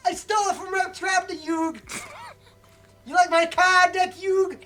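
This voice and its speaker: A woman's voice: extremely high pitch, flat delivery, unhurried, a bit bright. Woman doing a cocky boastful teen duelist. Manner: cocky, drawling tough-guy swagger. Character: brash dimwitted teen boy card duelist.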